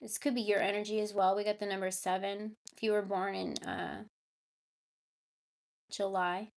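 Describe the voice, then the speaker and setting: A woman's voice: mid-range voice, flat delivery, moderate pace, gravelly. A woman giving a live tarot reading, chatting casually with her viewers. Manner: baby talk to her cat. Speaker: tarot reader.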